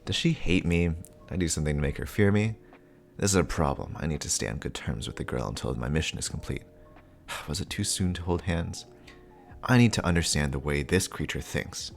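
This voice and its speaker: A man's voice: very deep voice, animated, fairly quick, vocal fry, soft background music, full character voice. A man voicing a stern male spy posing as a father, in clipped, earnest inner monologue. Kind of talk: comic reading with voices.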